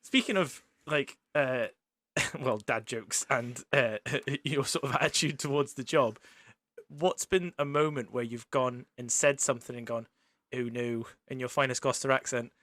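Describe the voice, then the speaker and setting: A man's voice: mid-range voice, measured pace, a bit bright, no echo. A man from England hosting a casual podcast interview, swearing freely and laughing often. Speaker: podcast host.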